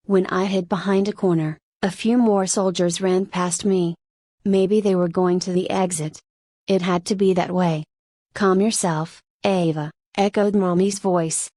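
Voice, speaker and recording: A woman narrating a first-person light novel audiobook in a steady, measured reading. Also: fairly low pitch, dry recording.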